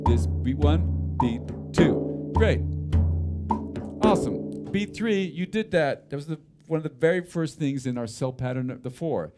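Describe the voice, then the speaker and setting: Man, percussion teacher, middle pitch, chants drum syllables in rhythm, upbeat, music behind his voice. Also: big pitch swings, normal speed. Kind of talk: livestreamed rhythm class.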